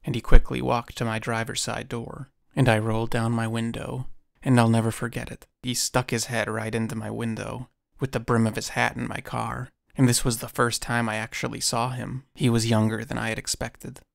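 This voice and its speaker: A man narrating a first-person encounter story in a measured storytelling manner with dry asides. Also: medium pitch, level tone, creaky, dry recording.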